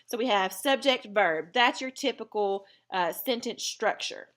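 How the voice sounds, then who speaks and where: Female teacher, bright tone, deliberate lesson delivery with small fillers. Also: mid-range voice, expressive. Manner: clear, deliberate explaining with fillers. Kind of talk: recorded writing lesson.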